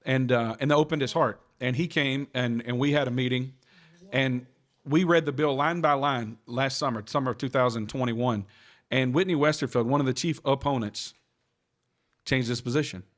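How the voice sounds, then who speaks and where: A male state legislator speaking earnestly on a panel, telling stories to argue his case. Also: mid-range voice. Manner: fast, earnest storytelling. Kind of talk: panel discussion.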